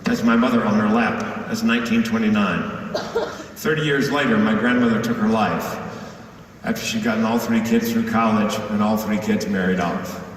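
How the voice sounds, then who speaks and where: A man's voice: fairly low pitch, steady tone, normal speed. A man giving a keynote speech as a public speaker and comedian, telling a story with punchy comic timing. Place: large conference hall. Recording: echoey hall, distant mic, faint room noise.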